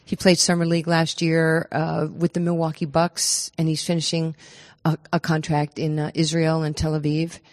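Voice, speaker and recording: A woman, telling stories as a podcast guest in an animated, laughing way. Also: deep voice, normal speed, long reverb tail. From New York. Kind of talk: storytelling podcast interview.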